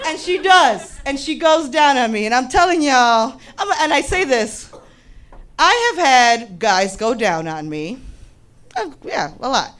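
A woman doing live stand-up, telling a raunchy story in a brash, profane and animated way, often laughing through her lines. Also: on the high side, normal speed. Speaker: stand-up comedian.

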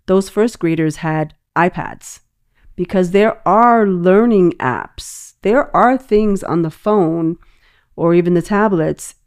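Smooth, lowish-voiced New York woman. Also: a little mellow. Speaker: teacher, podcast guest. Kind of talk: casual conversation.

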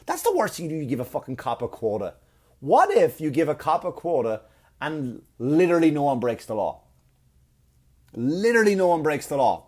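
A man delivering a profane comedic rant, animated and repetitive, often stumbling over his words. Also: fairly high pitch. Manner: animated, profane, repeats himself. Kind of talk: ranting comedic monologue.

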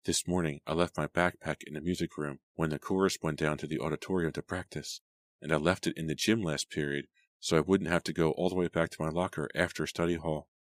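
A bitter, frightened teenage girl, read by a man with a very deep voice. Her lines come out low and murmured. The recording is dry. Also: steady tone, a little fast, no echo.

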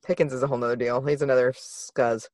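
A woman hosting a podcast in casual chat, gossipy and animated in telling stories. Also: a bass voice, quick pace, dry recording. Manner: chatty, gossipy storyteller, laughs often. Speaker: podcast host.

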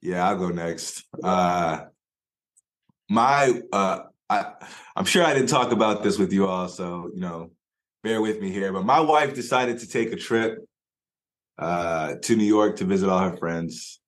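A man's voice: deep voice, unhurried. Laid-back man telling a story. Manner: relaxed, hesitant, lots of "uh" and restarts, wry. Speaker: podcast co-host. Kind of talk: casual storytelling.

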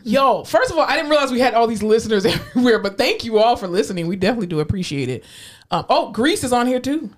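A woman's voice: on the high side, animated, quick pace. Chatty woman podcast co-host. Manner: chatty, laughs often, swears casually. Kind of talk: casual chat.

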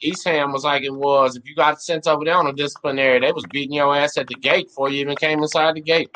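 Host, man, bright and somewhat high voice, short profane reactions. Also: steady tone, fast talker, low-quality recording. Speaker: podcast host. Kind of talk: casual interview chat.

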